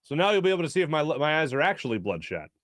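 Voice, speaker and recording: Joking Philly sports talk host. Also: male voice, a little high, very animated, rapid-fire, a bit bright, no echo, clean studio sound. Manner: loose, jokey, reads chat aloud with many fillers. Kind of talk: casual live-stream chat reading viewer comments. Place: small studio.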